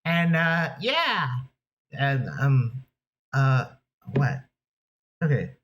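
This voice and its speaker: A man voicing a wacky cartoon sea sponge, with a high, nasal, excitable voice that swoops and rambles. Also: very slow, highs cut off, exaggerated voice. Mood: giddy.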